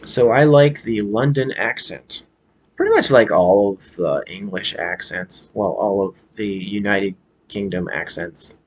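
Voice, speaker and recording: A man's voice: lowish voice, a little slow. An American man vlogging in a casual, hesitant way, with many fillers and restarts as he chats about a movie. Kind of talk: casual rambling movie chat.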